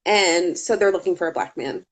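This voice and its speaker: A woman's voice: lowish voice, moderate pace. A woman co-hosting a casual true-crime chat, talkative, with laughing asides and swearing. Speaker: podcast co-host.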